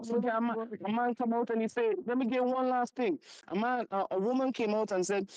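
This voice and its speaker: A woman's voice: on the high side, steady tone, brisk, few pauses, a little mellow, no room sound, low-quality recording. Fervent Trini-English woman caller, dry. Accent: Trinidadian with English mix. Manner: fervent, preachy, rallying. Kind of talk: call-in opinion.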